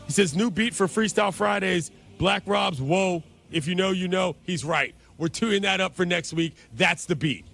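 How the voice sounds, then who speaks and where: Gravelly high-pitched sports radio host. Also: male voice, moderate pace, hardly any pauses, fairly bright tone. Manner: upbeat, joking.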